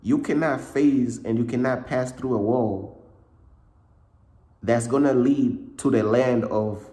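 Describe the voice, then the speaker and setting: A man giving a casual motivational talk, repeating himself often, with a slightly cracking voice and frequent throat clearing. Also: mid-range voice, takes it slowly, dark tone, echoey room. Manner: repetitive, conversational, frequent "bruh" and "you know what I'm saying". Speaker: motivational speaker.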